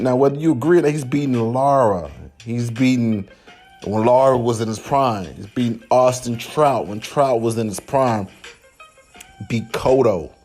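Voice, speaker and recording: A man's voice: mid-range voice, darkish tone. A man hosting a podcast, talking casually about boxing in loose slang with laughing asides. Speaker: podcast host.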